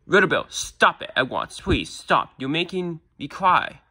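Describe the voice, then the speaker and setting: A man's voice: on the high side, very animated, unhurried, sharp tone, slightly rough, pitched above the performer's own voice, heavily acted. A man voicing a young girl YouTuber who whines and pleads, barely shifting his own voice. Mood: upset.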